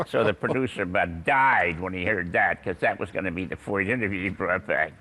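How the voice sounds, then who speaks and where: An older man telling anecdotes in an interview, chuckling and pausing with frequent uhs. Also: deep voice, bright, forceful tone, a little hiss or hum. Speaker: guest. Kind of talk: storytelling interview.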